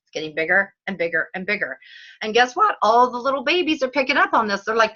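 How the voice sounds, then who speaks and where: A woman hosting a casual teleseries chat, bubbly and quick to laugh, who acts out little voices as she talks. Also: on the high side, animated, pushed and bright, highs cut off. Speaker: host. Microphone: phone or call line.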